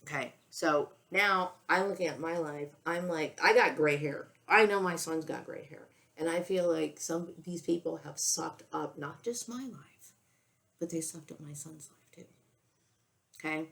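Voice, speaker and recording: A woman's voice: low voice, unhurried, creaky, a bit bright. A woman in her sixties speaking in an emotional, rambling personal monologue, near tears, with many restarts and frequent "okay?" and "you know.". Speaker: vlogger.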